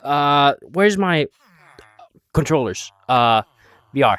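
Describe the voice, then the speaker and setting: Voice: medium pitch, big pitch swings, unhurried, no room sound. A young adult streamer chatting casually while playing a VR game, rambling, swearing and answering chat, a bit out of breath.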